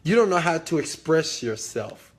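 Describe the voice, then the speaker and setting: A man with a slightly high voice gives a motivational talk. He is emphatic and preachy, hammers his points through repetition, and swears freely. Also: sing-song, moderate pace. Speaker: host.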